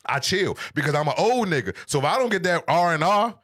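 High, fast-talking man ranting. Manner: animated, profane, storytelling rants. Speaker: podcast guest comedian. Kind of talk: casual podcast chat.

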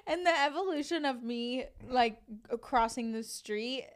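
Female podcast co-host, higher voice, giggly and rambling. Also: unhurried. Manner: giggly, chatty, lots of fillers. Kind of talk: casual chat.

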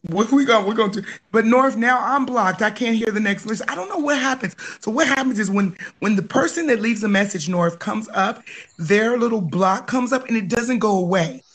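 An excitable woman from Los Angeles hosts a loose live podcast chat. She teases her co-host playfully and breaks into laughter easily. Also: fairly high pitch, fairly quick. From Los Angeles, USA.

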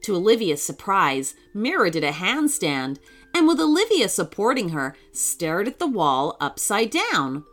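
Erzählerin mit lebhafter, langsamer Stimme. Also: female voice, medium pitch, faint music behind. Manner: slow, expressive reading. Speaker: storyteller. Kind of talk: children's story reading.

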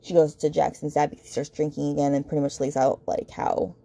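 A woman with a low, gravelly, mellow voice hosts a book podcast. She recaps the plot in a chatty, blunt way and retells the scenes through the characters' quoted lines. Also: flat delivery, quick pace.

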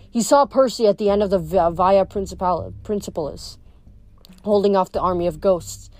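A woman reading chapters of a novel aloud, measured, with occasional small stumbles over words. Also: mid-range voice, a little mellow. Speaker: audiobook reader.

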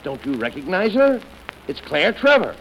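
A man's voice: high-pitched, big pitch swings, moderate pace, highs cut off. Scolding straight man on old radio. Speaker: comedy straight man, co-host. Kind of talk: 1940s radio comedy. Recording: noisy old radio broadcast.

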